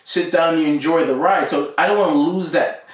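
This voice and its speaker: A man's voice: a little high, brisk. Rambling man in a roomy echo. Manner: rambling, restarts words, speaks emphatically. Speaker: co-host. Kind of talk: casual pop-culture chat. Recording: roomy echo, mic at a distance.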